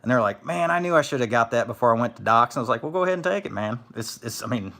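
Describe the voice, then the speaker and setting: A man's voice: medium pitch, fast talker, gravelly, a bit bright. Laid-back man telling scrapping stories. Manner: laid-back storyteller, reads chat aloud. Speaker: scrapper streamer. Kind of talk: casual live-stream chat.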